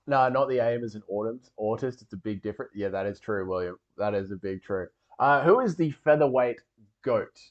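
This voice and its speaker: A man's voice: on the low side, lively intonation, fairly quick. Rambling man on a lo-fi stream. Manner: rambling, swears, jokey banter with chat. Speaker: livestream host reading chat. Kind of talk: casual livestream chat.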